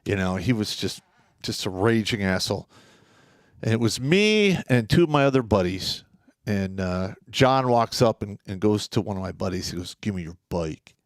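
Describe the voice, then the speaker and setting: A man's voice: lowish voice, animated, normal speed, dry recording, clean studio sound. A man co-hosting a live podcast, telling a story in a blunt, profane, casual way. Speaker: podcast co-host.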